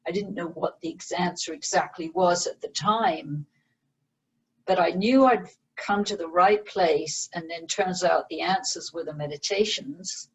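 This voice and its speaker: A woman meditation teacher and author, explaining her practice in a slow, gentle way as an interview guest. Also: lowish voice, slightly rough, rough recording. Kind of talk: interview conversation.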